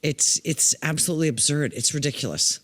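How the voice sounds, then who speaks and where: A man's voice: on the high side, a bit bright, husky, long reverb tail. Emphatic man co-hosting a chat. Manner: emphatic, quick to agree. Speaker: podcast co-host. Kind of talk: casual discussion.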